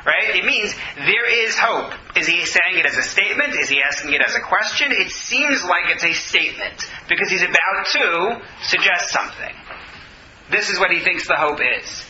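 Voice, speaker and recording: A man with a high, very bright voice teaches a text class in a classroom. He reads verses aloud, translates them and breaks them down for his students, then fields their questions. The recording is roomy and dull. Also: animated, moderate pace. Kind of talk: text study lecture with questions.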